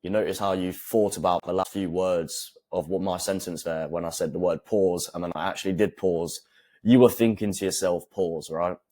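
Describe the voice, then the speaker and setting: Deep-voiced man coaching calmly. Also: no echo. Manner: calm, deliberate, with pauses for emphasis. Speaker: fitness and self-improvement coach. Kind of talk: direct-to-camera advice talk.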